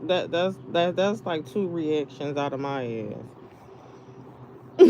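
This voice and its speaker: Slow, mellow-voiced woman chatting profanely. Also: low-pitched, slight background noise. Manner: profane, laughing, rambling storytelling. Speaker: live streamer. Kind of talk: casual venting chat.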